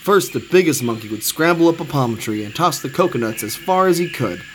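A man reading a children's storybook aloud, expressive and sing-song. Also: mid-range voice, a little fast, low-quality recording. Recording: steady background noise.

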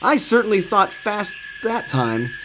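A man voicing a small, eager young male monkey in a storybook, with a high, excited voice. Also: a little slow. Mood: proud. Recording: steady background noise.

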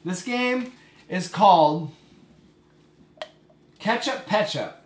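A man's voice: high-pitched, lively intonation, very slow, a little hiss or hum. A man hosting a podcast, playfully teasing his co-host and running a silly game. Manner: playful, teasing, laughs often. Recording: echoey room.

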